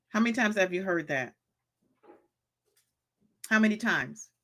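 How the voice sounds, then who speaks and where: A woman's voice: mid-range voice, expressive, a little slow, pauses often, a bit bright. A woman hosting a motivational live stream, speaking in a preachy way, repeating her questions and reading chat comments aloud.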